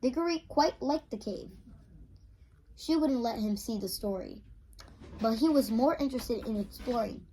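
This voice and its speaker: A woman reading a children's novel aloud, halting often and repeating words as she goes. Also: on the high side, lively intonation, dark tone, poor audio. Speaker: reader.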